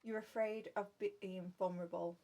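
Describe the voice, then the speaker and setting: A woman's voice: lowish voice, fairly even intonation, normal speed, warm tone. A woman giving a spoken tarot reading to her viewers, earnest and repeating her phrases. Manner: earnest, repeats phrases, addresses listener as love. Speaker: tarot reader.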